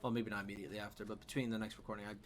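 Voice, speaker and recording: A man's voice: on the low side, flat delivery, very fast, soft background music. A man hosting a let's play, chatting casually and correcting himself often as he plays. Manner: rambling, self-correcting. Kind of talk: casual game commentary.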